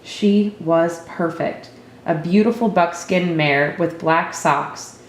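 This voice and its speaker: A woman narrating a story in the first person, with a steady, reflective storytelling manner, recorded in an echoey room. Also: lowish voice, slow pace, a little hiss or hum. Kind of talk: storybook reading.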